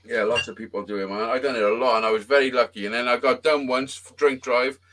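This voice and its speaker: A man's voice: medium pitch, quick pace, a little hiss or hum. A man telling a rambling, swearing story on a casual live-stream chat as the show's host. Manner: swears a lot, animated storytelling with acted-out quotes.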